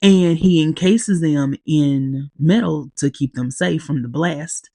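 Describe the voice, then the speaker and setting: A woman hosting a podcast, casually recapping a TV episode, speaking haltingly with long pauses as she grows teary-eyed. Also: sits low, gravelly, mellow, husky, no room sound, clean studio sound. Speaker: podcast host.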